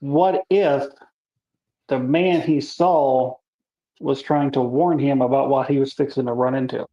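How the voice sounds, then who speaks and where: A woman's voice: a bass voice, steady tone, a little slow, dark tone. Woman with a roomy lo-fi sound. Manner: laid-back, speculative, casually swearing. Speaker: podcast co-host. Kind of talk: casual chat.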